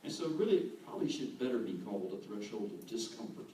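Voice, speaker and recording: A man giving an animated sermon as a guest speaker, acting out quoted voices. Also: on the low side, fast talker. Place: church hall. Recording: echoey hall, distant mic, faint room noise.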